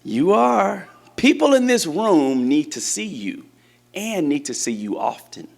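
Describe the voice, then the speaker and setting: A man preaches to his congregation in a loose, conversational way, often putting questions to the room. His voice sits a little high for a man, and it swings up and down with animation. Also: wildly swooping pitch, unhurried, a little mellow. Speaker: church teacher. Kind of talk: sermon to a congregation. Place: church hall with a congregation.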